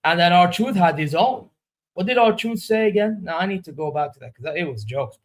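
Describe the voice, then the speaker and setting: A man's voice: high voice, animated, normal speed. A man hosting a wrestling reaction vlog, giving candid, opinionated, rambling commentary. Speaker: wrestling reaction channel host.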